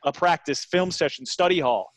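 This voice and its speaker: A man's voice: fairly high pitch, normal speed, fairly bright tone, no echo. A man in his thirties from New Jersey, a guest telling his story earnestly in a casual interview, with lots of fillers and restarts.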